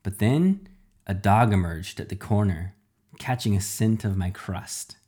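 A man narrating a children's story in an animated, dramatic way. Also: fairly low pitch, unhurried, slightly rough.

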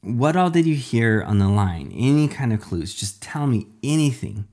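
A man voicing a calm, practical girl sidekick in a storybook reading. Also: mid-range voice, normal speed, lightly acted.

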